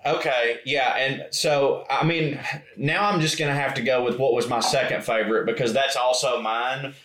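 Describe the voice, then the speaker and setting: A man's voice: mid-range voice, fairly even intonation, normal speed, a bit bright, echoey room, low-quality recording. A man from the Southern United States co-hosting a podcast, joking and chiming in with a profane, playful manner. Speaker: podcast co-host. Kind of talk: casual chat.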